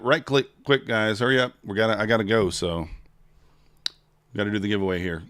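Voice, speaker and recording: Low-voiced man hosting a livestream. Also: fairly even intonation, a bit bright, smooth, dry recording. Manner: chatty, answers viewer chat, hurried giveaway countdown. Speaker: livestream trading host. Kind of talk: casual livestream chat.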